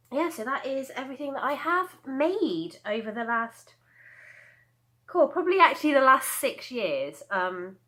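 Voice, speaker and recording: This crochet vlogger, a woman in her thirties, speaks in a voice on the low side with a fairly bright tone. She chats casually at home while showing off her handmade crochet pieces, rambling with asides and laughs, on a low-quality recording.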